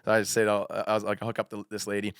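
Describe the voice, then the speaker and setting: A man's voice: lowish voice, monotone, very fast, a bit bright, clear, resonant tone, dry recording, clean studio sound. A man, a podcast co-host telling a story in casual chat, acting out quotes and laughing often.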